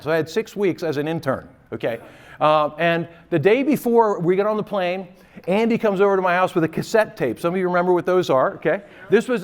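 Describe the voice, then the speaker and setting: Animated high-voiced male preacher. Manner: animated, laughing often, mimics voices in quoted lines. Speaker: guest preacher. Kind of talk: storytelling sermon.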